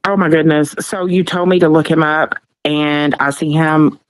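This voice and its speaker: A woman's voice: deep voice, steady tone, normal speed, no room sound, poor audio. A woman co-hosting a casual livestream, speaking hesitantly with many ums as she retells events. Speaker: livestream co-host.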